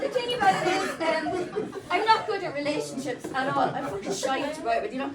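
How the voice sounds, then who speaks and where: A woman's voice: sits high, brisk, heavy background noise. An Irish woman performing a crude, self-mocking stand-up comedy set in a live comedy club, chatting with the crowd. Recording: roomy, distant live club sound. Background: loud crowd laughter.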